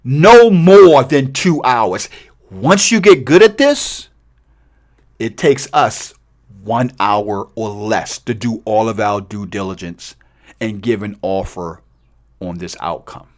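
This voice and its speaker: A middle-aged man teaching a cold calling script in an energetic, emphatic way, sometimes acting out sample lines for callers. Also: fairly low pitch, takes it slowly. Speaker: real estate investing coach. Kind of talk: training video walkthrough.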